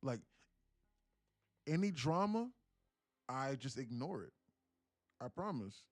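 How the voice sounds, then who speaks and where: A young man from South Carolina talks casually on a live trading stream, sarcastic and wandering, tripping over restarts. His voice sits in a middle pitch, recorded dry and close with no room echo. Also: sing-song, takes it slowly. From South Carolina, USA. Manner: sarcastic, rambling, many restarts. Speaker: day trader and live streamer.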